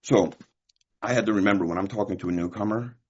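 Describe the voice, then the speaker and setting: A man's voice: on the low side, quick pace, breathy edge. A man from California giving a candid, profane personal share at a recovery meeting, telling stories with quoted dialogue. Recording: muffled lo-fi recording.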